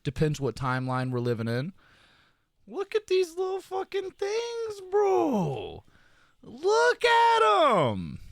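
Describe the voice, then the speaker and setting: A young man streaming live, chatting casually with his viewers and giving them loud, profane, hyped-up shout-outs. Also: on the high side, no room sound, studio quality.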